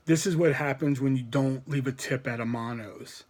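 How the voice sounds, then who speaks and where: A man quoting the quiet, menacing voice of an unknown man on a phone line, low and flat. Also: normal speed, lightly acted.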